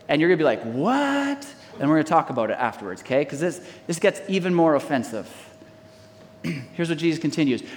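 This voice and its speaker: High-voiced man preaching in a hall. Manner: preaching with call-and-response to the congregation. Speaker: pastor. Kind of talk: sermon.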